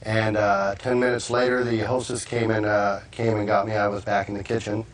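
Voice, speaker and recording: A man, a restaurant manager, testifying as a witness in court, hesitant and filling pauses with "uh". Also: lowish voice, level tone, crowd noise. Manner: hesitant, many fillers. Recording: echoey courtroom.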